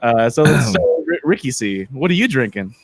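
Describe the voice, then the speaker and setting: A man's voice: mid-range voice, sing-song, brisk, vocal fry, breathy edge. A man hosting a podcast in casual chat, joking and teasing with lots of filler words. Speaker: podcast host.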